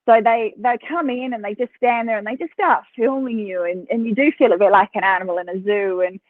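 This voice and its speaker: A woman's voice: mid-range voice, fairly quick, dry recording. Woman, Australian accent, podcast guest, chatty storyteller, phone-quality audio, dry. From South Australia. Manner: chatty, animated, laughs between phrases. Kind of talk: casual interview storytelling. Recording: tinny phone line, dry.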